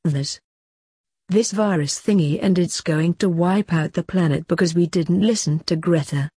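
A woman's voice: lowish voice, moderate pace, warm tone, breathy edge, no echo, studio quality. A woman voicing a worried, gloomy male teddy bear who talks in a mournful, moaning way.

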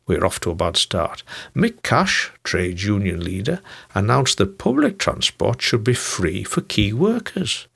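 A man's voice: deep voice, creaky, fairly bright tone, slightly rough. A man reading his own scripted political commentary in a sardonic, mocking manner.

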